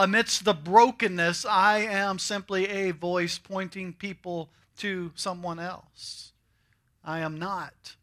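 Bright, high-voiced preaching man. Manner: emphatic, repetitive preaching with dramatic pauses and slowed phrases. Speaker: pastor. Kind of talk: sermon.

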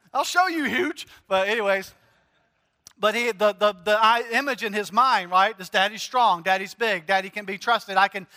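A man preaching a conversational sermon, animated and joking as he speaks straight to the congregation. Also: sits high, normal speed, in a large hall. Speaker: pastor.

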